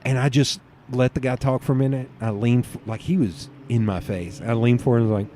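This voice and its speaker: A man with a Southern US accent tells long, wandering stories in a casual chat. He laughs often and keeps jumping from one point to the next, talking at an ordinary middle pitch, with a faint hum behind him. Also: fairly even intonation, fairly quick. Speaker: podcast guest.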